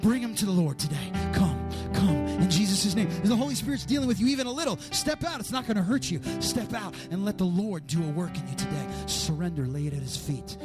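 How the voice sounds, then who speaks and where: A man preaching in a church, moving from hushed storytelling to loud, fervent altar-call exhortation. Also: high voice, animated, brisk, few pauses, music in the background. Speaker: pastor. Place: church service with music behind.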